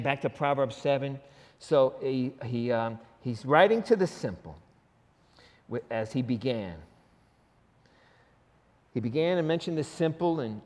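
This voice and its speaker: A man's voice: medium pitch, darkish tone. A man preaching a sermon as a pastor, with a pleading, conversational way of talking and frequent asides. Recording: reverberant hall.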